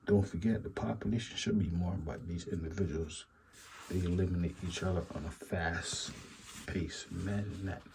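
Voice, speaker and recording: A man with a very deep, mellow voice talks through a casual reaction commentary. He rambles and muses, circling back to the same asides over and over. A faint background hiss sits under his voice. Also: steady tone, moderate pace, vocal fry, poor audio. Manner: rambling, repeats stock phrases, musing asides. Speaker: commentary channel host.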